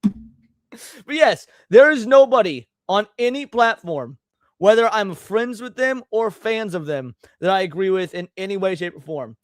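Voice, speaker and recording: Man, stream host, blunt, sweary, emphatic, slightly high voice, dry sound. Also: expressive, measured pace, no room sound. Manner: blunt, profane, emphatic ranting. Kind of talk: live-stream reaction commentary.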